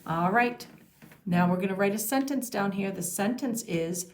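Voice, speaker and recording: A woman teacher with a medium-pitched voice gives young children a patient phonics and handwriting lesson, slowly sounding out each letter.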